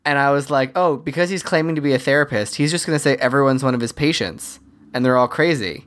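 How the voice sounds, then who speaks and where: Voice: mid-range voice, fast talker, a bit bright. A podcast co-host casually retelling a movie's plot, acting out the characters' lines and laughing often. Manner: chatty storyteller, acts out quotes, laughs often.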